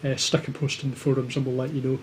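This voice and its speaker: A man chatting casually on a livestream, speaking at a middling pitch in a flat, even tone. He hesitates often and pads his sentences with ums. A faint hum of noise runs underneath. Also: fast talker. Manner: hesitant, with many filler ums. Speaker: co-host of a maker livestream.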